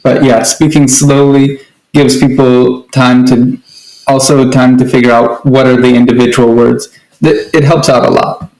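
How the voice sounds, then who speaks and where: A man's voice: mid-range voice, little pitch movement, a little slow, darkish tone. Guy co-hosting a casual chat, explains stuff with lots of restarts, kinda echoey room. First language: English. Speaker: co-host. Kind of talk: casual conversation.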